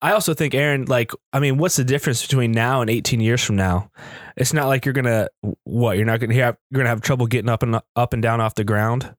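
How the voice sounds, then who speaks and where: A man in his thirties co-hosting a casual podcast chat, thinking out loud in a rambling way with restarts and acted-out quotes. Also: medium pitch, fast, dry recording, studio quality. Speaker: podcast co-host.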